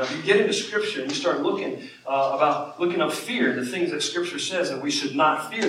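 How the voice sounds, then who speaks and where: A man's voice: a little high, fairly bright tone, a little hiss or hum. A man, a pastor, preaching a sermon in a conversational way that rises when he quotes scripture. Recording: echoey room from far off.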